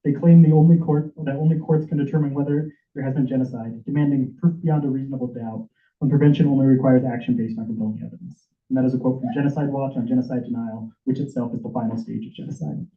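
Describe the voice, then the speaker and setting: Guy giving a heated speech at a senate meeting, fast, kinda stumbly, echoey hall. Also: mid-range voice, steady tone. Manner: urgent, emotional, with stumbles and repeats. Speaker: public commenter at senate meeting. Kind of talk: impassioned prepared speech. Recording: echoey room over tinny phone-like audio.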